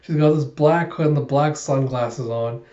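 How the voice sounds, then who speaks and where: Guy chatting through a manga recap, mellow voice, roomy dull lo-fi mic. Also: mid-range voice, moderate pace. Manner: chatty, retells scenes with "he's like". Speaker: manga reviewer. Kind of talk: casual chapter recap. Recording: echoey room, dull lo-fi sound.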